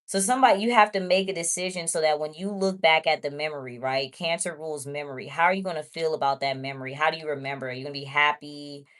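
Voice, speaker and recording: Low-voiced woman doing a casual tarot reading. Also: fast talker, few pauses, fairly bright tone. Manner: chatty, blunt, talks straight to viewers. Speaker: tarot reader.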